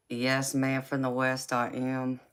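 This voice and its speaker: A woman's voice: a bass voice, clean tone. A woman with a Southern US accent chatting casually with viewers as a tarot livestream host, laughing often and calling people baby. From Los Angeles, USA. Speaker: tarot reader hosting a live chat.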